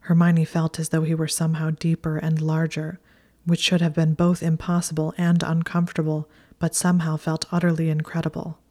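A woman reading a story aloud in a soft, hushed, steady whisper. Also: sits low. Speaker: narrator.

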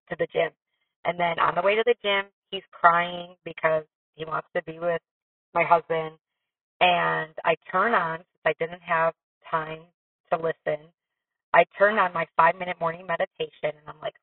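A woman's voice: low voice, creaky, no echo, distant mic. A woman in her thirties telling a personal story in a candid, rambling, self-deprecating way. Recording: dry tinny phone-like sound from off-mic.

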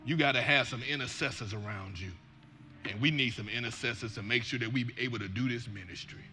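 A man preaching a sermon, shouting with passion and breaking into joking asides. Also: medium pitch, fast talker, soft background music. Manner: shouting, impassioned Black church preaching cadence.

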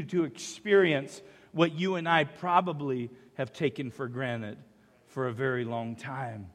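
High-voiced American man preaching a sermon. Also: big-room sound. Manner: storytelling with many restarts, swings from hushed to loud. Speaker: pastor. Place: church sanctuary.

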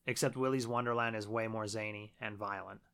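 Bright-voiced, profane man recapping a film. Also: fairly low pitch, fairly quick, smooth. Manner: profane, animated storytelling. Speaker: podcast co-host. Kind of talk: casual conversation recapping a film.

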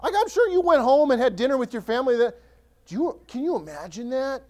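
A man preaching a sermon as pastor, conversational and animated, often restarting his sentences and acting out scripture. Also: extremely high pitch, fast.

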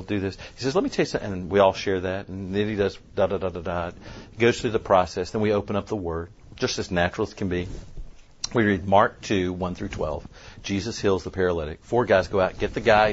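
A man speaking at a conference, telling a story in an animated way and quoting people as he goes. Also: lowish voice. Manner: animated, tells the story with quoted voices. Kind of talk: storytelling talk. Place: conference room. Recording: dull lo-fi sound, faint noise.

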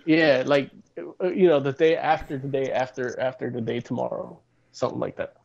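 A man's voice: mid-range voice, fairly even intonation, brisk, creaky, darkish tone. A man hosting a podcast in casual chat, rambling and hesitant with lots of restarts. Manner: rambling, full of fillers and restarts. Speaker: podcast host. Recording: slightly dull lo-fi sound.

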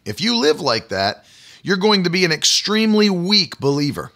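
Gravelly, bright-voiced male preacher. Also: fairly high pitch, sing-song, fairly quick. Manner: emphatic, repetitive, rhetorical questions to the congregation. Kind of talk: sermon.

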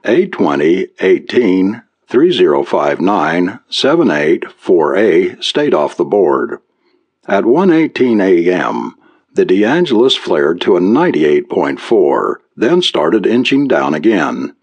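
Deep-voiced man narrating an audiobook. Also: lo-fi sound. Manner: measured, expressive reading.

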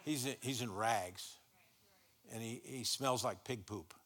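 Bright-voiced folksy man preaching. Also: mid-range voice, a little slow. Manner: folksy, repeats words when starting sentences. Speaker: guest pastor. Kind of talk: sermon. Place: church.

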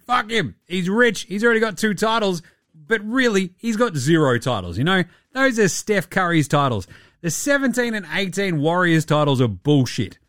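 A man's voice: a little high, a bit bright, dry recording, clean studio sound. An Australian man hosting a basketball podcast, rambling through casual chat with sarcasm and plenty of swearing. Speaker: podcast host.

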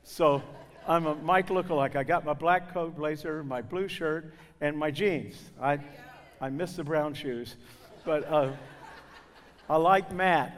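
Guest preacher, man, high voice, loud and folksy, church hall reverb. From southern Indiana. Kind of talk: sermon. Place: church sanctuary.

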